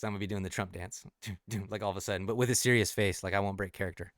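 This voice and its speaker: Low-voiced man rambling on a late-night stream. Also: fairly even intonation, quick pace, dry recording, studio quality. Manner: rambling and thinking aloud, with many restarts and self-corrections; laughs easily between explanations. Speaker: streamer discussing his own song lyrics. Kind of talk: casual late-night livestream talk.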